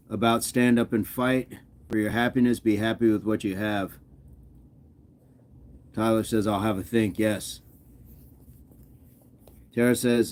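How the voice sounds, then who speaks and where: Man, lowish voice, casual livestream host, reads chat comments, easygoing. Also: darkish tone.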